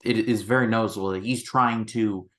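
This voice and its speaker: Casting: lower-voiced man, casual movie-review host, animated. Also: a little fast. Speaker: film review podcast host. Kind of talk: casual chat.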